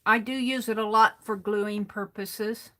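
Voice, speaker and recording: A woman's voice: mid-range voice, fairly even intonation, a little slow, sharp tone. A woman hosting an art livestream from her desk, chatting to viewers and narrating her crafting as she works. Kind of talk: casual craft demo livestream.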